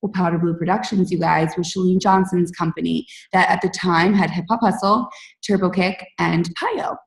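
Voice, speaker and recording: A fitness coach in her late thirties shares her personal story with her team on a call, candid and chatty, saying "like" and "you guys" a lot. Her lowish, gravelly voice moves at a normal speed with fairly even intonation. The audio sounds roomy, as if she's far from the mic.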